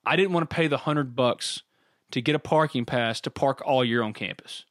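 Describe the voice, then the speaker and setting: A man's voice: medium pitch, moderate pace, no room sound, clean studio sound. A middle-aged man, co-hosting a casual sports talk show and telling stories with lots of laughter. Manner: animated storyteller, laughs often. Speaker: podcast co-host.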